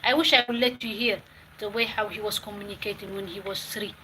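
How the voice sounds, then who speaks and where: A woman's voice: medium pitch, fairly even intonation, a little fast. A woman talking casually as she cooks at home, giving advice and repeating her phrases, with some Italian words mixed in. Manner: talks while cooking, repeating phrases, mixing in Italian words. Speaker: home cook vlogger. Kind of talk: casual cooking vlog with advice. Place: home kitchen. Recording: noisy kitchen with clattering dishes.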